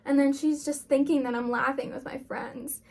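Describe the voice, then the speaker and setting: A woman's voice: sits high, fairly even intonation, normal speed, gravelly, a little mellow. A young woman vlogger telling a personal story in a casual, rambling way, full of fillers.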